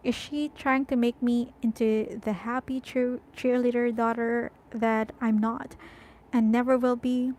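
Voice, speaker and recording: A woman reading a first-person novel aloud in a slow, deliberate way. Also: a little high, little pitch movement, a little mellow, poor audio. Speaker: audiobook reader.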